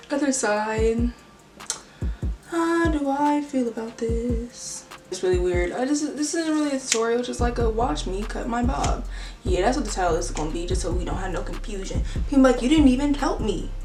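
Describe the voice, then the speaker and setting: A woman's voice: fairly high pitch, lively intonation, moderate pace, far from the mic. Chatty young woman vlogging in an echoey room. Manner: chatty, filler-heavy, slangy. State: out of breath. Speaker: beauty vlogger. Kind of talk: casual hair tutorial chat. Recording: roomy echo, mic set back, faint music.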